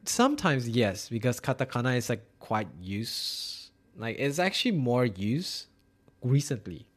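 A man's voice: mid-range voice, very animated, a little slow. A man from Malaysia in casual conversation, talking in a loose, filler-heavy way and mixing languages freely. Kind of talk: casual chat.

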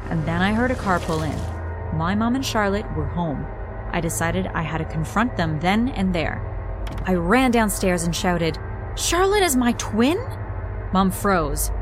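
Woman narrating a dramatic first-person story. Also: medium pitch. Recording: clear background noise.

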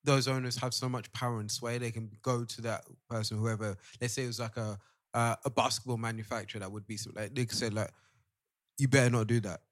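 A man co-hosting a podcast, talking loudly and projecting in a casual group discussion. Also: medium pitch, flat delivery, fast talker, no room sound, studio quality. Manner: loud and projecting, calls it his pastor voice. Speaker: podcast co-host.

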